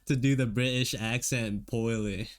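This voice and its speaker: A man's voice: medium pitch, unhurried. An American man streaming while he draws, chatting casually with his viewers and laughing often. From United States. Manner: relaxed, laughs often, talks to chat. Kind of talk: casual chat while drawing.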